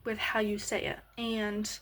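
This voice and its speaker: A woman explaining a lesson on voice slowly, with many pauses and fillers. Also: medium pitch, completely flat delivery, a bit bright.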